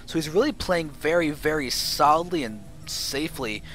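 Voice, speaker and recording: A man casting a strategy game match with analytical play-by-play commentary, getting excited at big plays. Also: fairly high pitch, moderate pace, soft background music. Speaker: esports caster.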